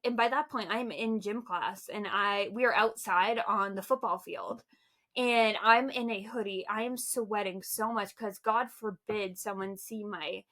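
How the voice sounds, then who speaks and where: A woman's voice: medium pitch, measured pace. A woman co-hosting a podcast, telling stories in casual chat with lots of animation and frequent laughs. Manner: animated storytelling, laughs often. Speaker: podcast co-host.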